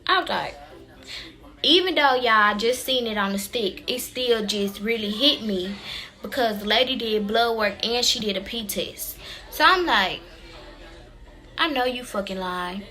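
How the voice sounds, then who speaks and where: Young woman vlogger, chatty storyteller, bright high-ish voice. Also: measured pace. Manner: animated, chatty, addresses viewers as y'all. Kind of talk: casual storytelling to viewers.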